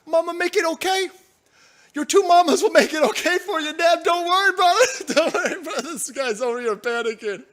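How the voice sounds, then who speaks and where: Man in falsetto as a cooing doting mom. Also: fairly quick, fairly bright tone. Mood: mocking. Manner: mocking falsetto baby talk. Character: cooing overprotective mother soothing a grown son.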